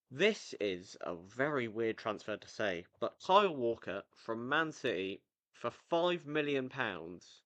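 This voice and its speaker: Young male vlogger, casual solo chat, mid pitch, quips and ums, dry close-miked sound. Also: fairly bright tone, dry recording. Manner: chatty, jokey asides, frequent ums and self-corrections. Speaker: football vlogger. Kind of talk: casual solo commentary on transfers.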